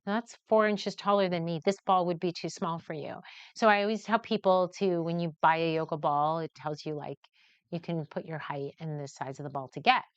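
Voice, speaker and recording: Middle-aged woman photographer chatting on a live stream, animated stories, kinda dull muffled sound. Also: fairly low pitch, normal speed, clean tone, no room sound. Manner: chatty, animated, acts out quoted people. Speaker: newborn photographer hosting a live session. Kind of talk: lively storytelling while demonstrating a shoot. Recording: slightly dull, muffled audio.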